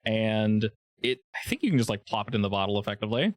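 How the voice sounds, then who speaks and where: A man's voice: on the low side, animated, fast talker, no echo. A man running a tabletop role-playing game as game master, explaining rules casually with fillers.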